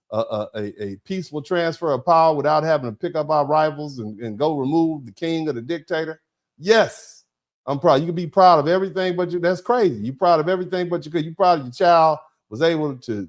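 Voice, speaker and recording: A man hosting a live online show, thanking viewers by name and reading their chat comments. He talks in a conversational, emphatic way, often asking "you see what I'm saying", with halting restarts and drawn-out fillers. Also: a little high. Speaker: host of a live show, a lawyer.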